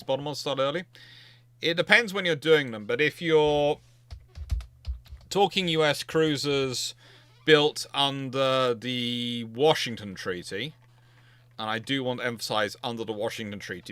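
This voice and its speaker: A man talks through viewer questions on a livestream, emphatic and chatty, often restarting his sentences as he thinks. His voice has a bright, forward edge. The sound is dry and close, with no room around it. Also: mid-range voice, dry recording. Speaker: naval history livestream host. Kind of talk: casual livestream Q&A.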